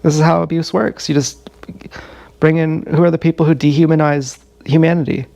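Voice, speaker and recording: A man's voice: a little high, little pitch movement, brisk, creaky, mellow, no echo. A man in his thirties telling a rambling, profane, confessional story in a casual livestream monologue. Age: 30s. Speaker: streamer. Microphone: action camera.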